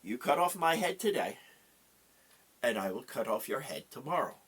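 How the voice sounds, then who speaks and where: A man voicing a huge male giant who speaks low, slow and menacing. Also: sing-song, fairly bright tone, slightly rough. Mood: challenging. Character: huge blunt male giant, grimly calm.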